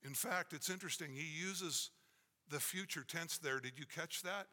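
A man's voice: sits high, moderate pace, sharp tone. A man preaching a sermon as a pastor, emphatic and repetitive in his cadence. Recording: long reverb of a large hall.

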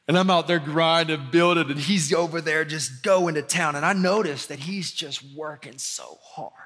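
A young man from the preaching a conversational sermon as pastor, rising in pitch and volume when he drives a point home. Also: normal speed, fairly bright tone, soft background music. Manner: conversational preaching with sudden emphatic rises.

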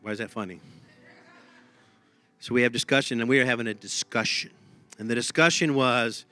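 A man preaching with a very bright, forceful voice, telling a humorous story about himself with plenty of restarts. The sound is close and dry, with faint music underneath. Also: mid-range voice, a little fast, no room sound. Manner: self-deprecating storytelling with restarts. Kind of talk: sermon with personal story.

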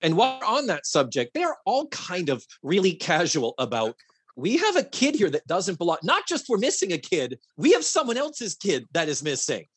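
A man hosts a podcast in easygoing chat, his slightly high voice swinging up and down as he mimics lines from a sitcom. He swears freely and keeps it animated. The sound is close and dry. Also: moderate pace, breathy edge, no room sound. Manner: animated, profane, acts out quotes from the show. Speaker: podcast host. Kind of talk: casual chat reviewing a sitcom.

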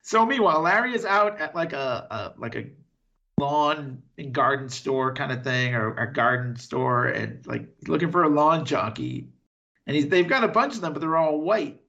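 A man co-hosting a podcast, retelling a TV episode in casual chat and slipping into quick voices for the characters. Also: on the high side, lo-fi sound. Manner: animated retelling with quick impressions and laughs. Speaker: podcast co-host.

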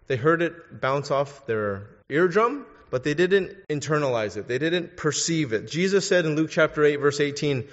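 A man's voice: fairly high pitch, lively intonation, normal speed, hardly any pauses. A man preaching a sermon, asking his listeners pointed questions and urging them to think. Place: church. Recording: dull sound in a reverberant hall.

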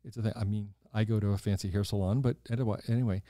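A man hosting a podcast, telling stories in a gushing, animated casual chat. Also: lowish voice, rapid-fire, no echo, studio quality. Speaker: podcast host.

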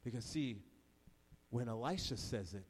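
A man preaching a sermon, retelling the story in a casual, energetic voice full of slang. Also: mid-range voice, measured pace, long reverb tail.

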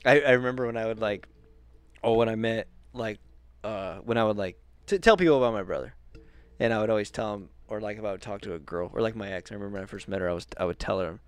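A man's voice: fairly low pitch, quick pace, smooth, no echo. A young man hosting a podcast in casual chat, rambling through stories, swearing freely and restarting his sentences. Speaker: podcast host. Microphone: podcast mic.

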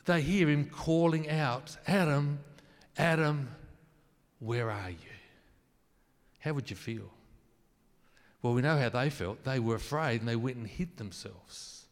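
His sermon is unhurried and conversational: this mid-range-voiced man asks his listeners questions and jokes about the words he chooses. The sound is that of a big room.

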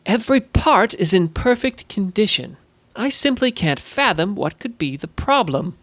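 A cheerful, boastful little goblin tinkerer, played by a man narrating a storybook who speaks of himself in lofty third person. His voice rides noticeably higher than plain talk and stretches out his words with grand pride. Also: big pitch swings, normal speed, a bit bright, dry recording, full character voice.

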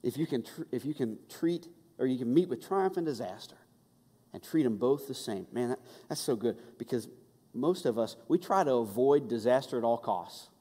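A man preaching a conversational, animated sermon and acting out the voices he quotes. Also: medium pitch, normal speed. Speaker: pastor. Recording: long hall reverb.

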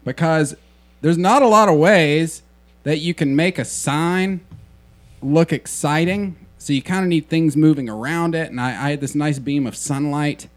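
A man's voice: on the high side, moderate pace. A man on a casual podcast, telling an anecdote in an easygoing way. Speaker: podcast co-host.

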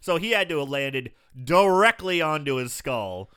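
A man's voice: a little high, big pitch swings, normal speed, fairly bright tone, clear, resonant tone. A man in casual chat, recapping a horror film scene by scene and acting out lines. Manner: recounts scenes, acts out characters' lines. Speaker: podcast co-host.

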